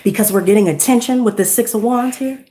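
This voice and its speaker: A woman's voice: on the high side, a little fast, dark tone, roomy sound, a little hiss or hum. A woman giving a tarot reading, ranting bluntly and heatedly with lots of profanity. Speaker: tarot reader. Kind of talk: unscripted tarot reading rant.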